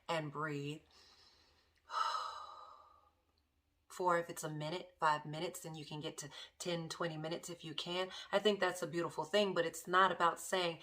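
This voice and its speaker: Bright-voiced woman, soft meditative talk. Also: on the low side. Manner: slow, repeats phrases softly, drops to near whispers. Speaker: meditation and self-care coach. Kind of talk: reflective motivational monologue.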